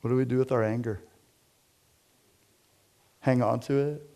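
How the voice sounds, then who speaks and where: A man preaching a conversational sermon to a small group, shifting from loud emphatic lines to quiet low asides. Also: steady tone, a little slow. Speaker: pastor. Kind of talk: interactive sermon.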